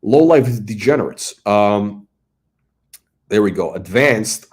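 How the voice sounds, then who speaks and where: A middle-aged man with a lowish voice chats through a casual watch review. He rambles and searches for words, and his pitch swings widely as he tells stories. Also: expressive, takes it slowly, darkish tone. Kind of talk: casual commentary and storytelling.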